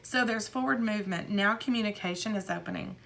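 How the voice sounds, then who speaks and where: A woman's voice: medium pitch, a little fast, gravelly, fairly bright tone, a little hiss or hum. Rambling woman tarot reader. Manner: rambling, repeats words, acts out quotes. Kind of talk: casual tarot reading.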